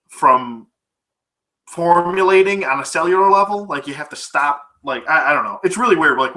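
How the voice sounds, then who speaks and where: A man's voice: fairly high pitch, bright, forceful tone. A man recapping a film casually, rambling with many fillers, laughing often and swearing freely. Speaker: film reviewer.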